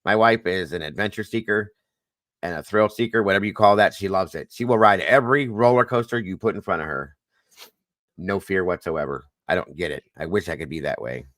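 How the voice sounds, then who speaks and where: Lively man hosting a live stream chat. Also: low-pitched, a little fast, no room sound. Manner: animated storytelling, swears lightly.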